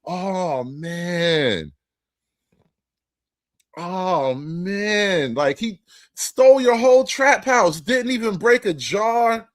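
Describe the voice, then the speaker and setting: A man hosting comedic political commentary, slangy and animated. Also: high-pitched, drawn-out words, no echo. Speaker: host.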